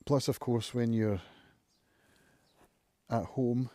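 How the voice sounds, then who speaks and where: A man talks at home in a relaxed, unhurried live-stream monologue. He thinks aloud in a reflective, musing way and often pauses to find his words. His voice is warm and mellow, recorded close and dry. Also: mid-range voice, dry recording. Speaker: channel host, recovering alcoholic.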